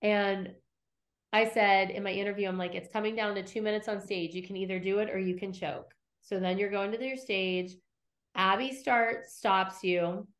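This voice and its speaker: A woman's voice: medium pitch, moderate pace. Middle-aged woman retelling stories with gusto. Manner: animated storyteller, acts out quotes, swears freely. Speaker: podcast host recapping episodes. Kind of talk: casual podcast chat.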